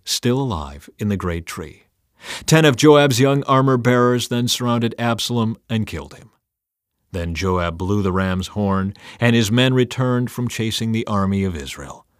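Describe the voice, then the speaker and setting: A man reading scripture aloud in a measured, steady scripted narration. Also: lowish voice, no room sound, studio quality. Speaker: scripture reader.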